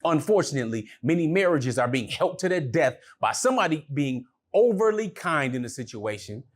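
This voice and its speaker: A man's voice: on the high side, big pitch swings, fairly quick. A middle-aged man, a relationship coach, talking casually to camera, telling stories in a conversational way and dropping in religious phrases.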